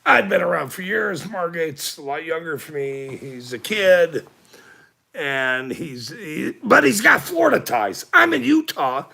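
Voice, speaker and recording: Gravelly, sharp-voiced man ranting at chat. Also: on the high side, big pitch swings, measured pace. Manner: profane and combative, with frequent laughs. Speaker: livestream host.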